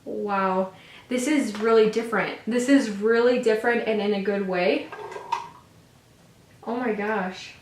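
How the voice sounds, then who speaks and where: A woman's voice: mid-range voice, measured pace, long pauses, slight background noise. A woman giving a casual makeup tutorial in an effusive, gushing way, full of exclamations. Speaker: makeup vlogger. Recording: echoey room.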